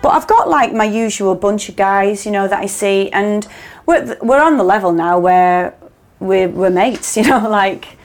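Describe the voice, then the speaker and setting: A woman's voice: mid-range voice, measured pace. A woman actor, chatting as a podcast guest and acting out her own anxious inner voice as she tells stories. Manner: animated storyteller, restarts and acts out her inner voice. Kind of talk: casual interview chat.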